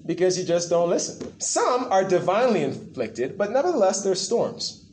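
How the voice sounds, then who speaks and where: A man preaching a sermon in an animated way, acting out the quotes he tells and asking the crowd for replies. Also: sits high, normal speed, slight background noise. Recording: echoey room.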